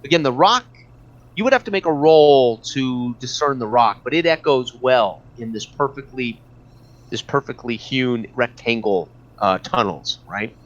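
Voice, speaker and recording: A man narrating as game master in a tabletop game, describing scenes with frequent pauses and fillers. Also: medium pitch, animated. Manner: hesitant, many fillers and restarts. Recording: dull lo-fi recording.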